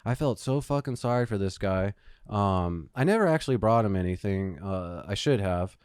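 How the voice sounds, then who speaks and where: A man's voice: fairly low pitch, animated, moderate pace, a little mellow, smooth, dry recording. Casual male podcast co-host, profane rambling storyteller, clean dry close-mic sound. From Phoenix, Arizona. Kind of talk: casual chat.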